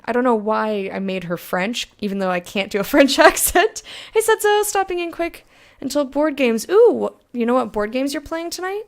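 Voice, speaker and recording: A young adult woman streaming a game, chatting excitedly with viewers, swearing, and slowly reading game text aloud. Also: high voice. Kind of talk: blind let's-play commentary, chatting with viewers.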